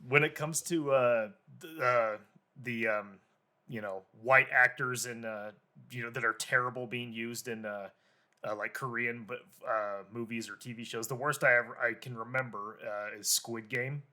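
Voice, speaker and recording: A man's voice: medium pitch, steady tone, moderate pace, sharp tone. A man co-hosting a podcast, speaking casually with many hesitations and fillers. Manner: hesitant, lots of uhs and ums. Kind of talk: casual chat.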